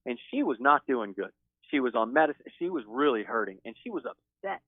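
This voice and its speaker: A man speaking as a guest on a call-in show, talking in an excited, emphatic way. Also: mid-range voice, fairly quick, dry recording. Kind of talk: call-in interview. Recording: tinny phone line.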